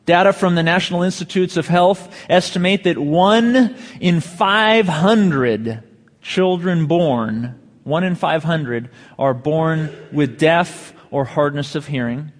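A pastor delivering a sermon, drawing out key phrases slowly and asking the congregation rhetorical questions. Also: male voice, a little high, long reverb tail. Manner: measured preaching with slow emphatic phrases and rhetorical questions.

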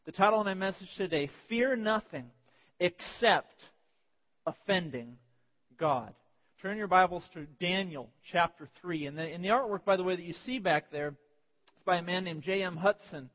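A man pastor preaching a sermon, telling personal stories with animated voices and sudden yelps. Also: high-pitched, normal speed. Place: church sanctuary. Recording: dull sound with long church reverb.

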